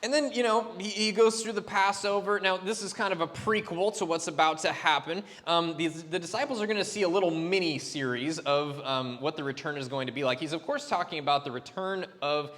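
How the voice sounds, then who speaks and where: A man's voice: on the high side, brisk, hardly any pauses, fairly bright tone. A man preaching a sermon as a pastor, chatty and loose, with fillers and restarts. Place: church sanctuary. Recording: long reverb of a church hall.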